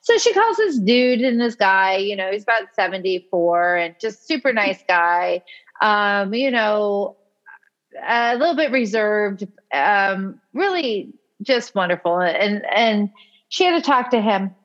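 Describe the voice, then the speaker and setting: A woman co-hosts a podcast and tells a personal story with lively energy. Her voice sits at a middling pitch. The audio is a little dull and lo-fi. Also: a little slow. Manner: animated, acts out quoted speech. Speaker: podcast co-host. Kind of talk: casual storytelling chat.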